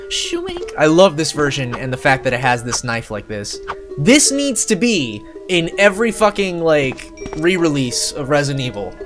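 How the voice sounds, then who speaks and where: Excitable, lively-voiced game streamer. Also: mid-range voice. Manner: excitable and jokey, swears casually, laughs often; chats with viewers while playing. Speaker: live-streamer playing a horror video game. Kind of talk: casual live-stream game commentary. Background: game music.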